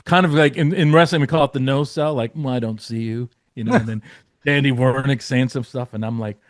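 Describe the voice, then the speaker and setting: Telling a loose backstage tale, this guest writer keeps restarting, leans on "like" and "you know," and swears now and then. He speaks briskly at an ordinary middle pitch with fairly level intonation. The sound is dry and close, with no room ambience.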